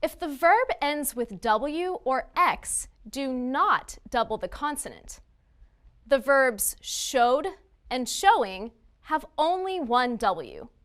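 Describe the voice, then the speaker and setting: A woman teaching English spelling in a scripted lesson, enunciating each word deliberately for learners. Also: high-pitched, very animated, fairly bright tone.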